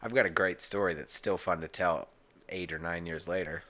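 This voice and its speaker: Very deep man, profane storyteller. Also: fairly even intonation, normal speed, bright, forceful tone. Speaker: podcast co-host. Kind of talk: casual chat.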